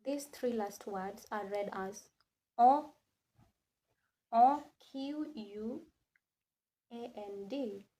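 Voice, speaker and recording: A woman teaching French in a classroom, slowly repeating each word again and again and switching between English and French. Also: mid-range voice, dark tone. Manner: slow, repeats words many times, mixes English and French. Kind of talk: classroom lesson.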